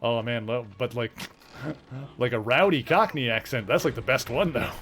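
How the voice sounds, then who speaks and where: Rambling Canadian streamer. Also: male voice, medium pitch, moderate pace, fairly bright tone. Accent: mild Canadian. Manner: rambling, many fillers and restarts. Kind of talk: casual chat while gaming.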